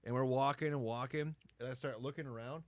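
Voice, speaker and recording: A man's voice: medium pitch, a little fast, dry recording. A man hosting a podcast, telling a rambling story full of swearing and laughter. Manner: profane, animated storyteller who laughs often. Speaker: podcast host. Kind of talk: casual storytelling chat.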